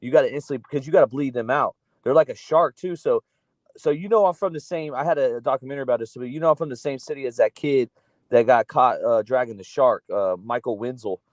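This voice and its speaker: A South Florida man with an accent that sits between East Coast and Southern, talking in a loose, profane ramble. His middle-pitched voice is dry and close, with no room sound around it. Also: fast, dry recording. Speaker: podcast co-host. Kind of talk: casual livestream chat.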